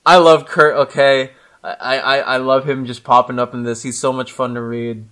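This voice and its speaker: An upbeat man in relaxed podcast conversation, chatting eagerly and repeating himself as he builds up his points. His voice sits at an ordinary middle pitch. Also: moderate pace. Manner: upbeat, chatty, slips into playful character voices. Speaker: podcast co-host. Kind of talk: casual comic book discussion.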